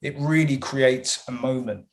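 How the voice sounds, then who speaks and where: A man's voice: mid-range voice, unhurried. Male comedian, mid-range voice, chatty and rambling in interview. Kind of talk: casual interview answers.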